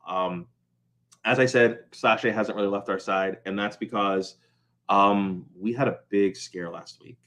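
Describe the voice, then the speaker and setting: A man's voice: sits low, a bit bright. A man hosting a casual vlog update from home, rambling and apologetic, with many ums and restarts. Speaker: host of a small crafts business channel.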